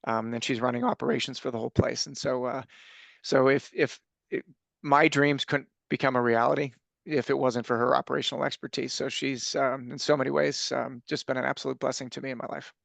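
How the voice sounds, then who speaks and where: A man's voice: mid-range voice, steady tone, a little fast, vocal fry, a bit bright, no room sound. A man as a podcast guest, talking casually and telling his story in an earnest, reflective way. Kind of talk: casual conversation.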